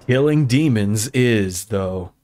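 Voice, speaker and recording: A man giving casual, profane, excitable commentary while playing a video game. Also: lowish voice, slow. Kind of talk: casual let's-play commentary. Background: game soundtrack and sound effects.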